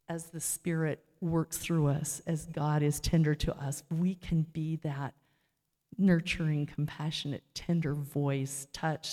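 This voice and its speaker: A woman's voice: sits low, dark tone. A middle-aged woman giving an informal, heartfelt church talk with frequent fillers, ending in a prayer. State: near tears while telling a story. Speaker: church speaker. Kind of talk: informal sermon closing with a prayer. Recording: long hall reverb.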